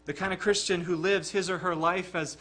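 A man's voice: sits high, steady tone, brisk, pushed and bright. A man preaching a sermon in an earnest, emphatic way, often repeating words as he presses a point.

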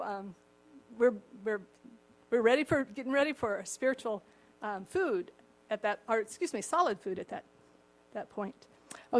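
An older woman preaching a sermon, with a slightly cracked voice and chuckling asides. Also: medium pitch. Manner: warm chuckling asides, acts out the story voices.

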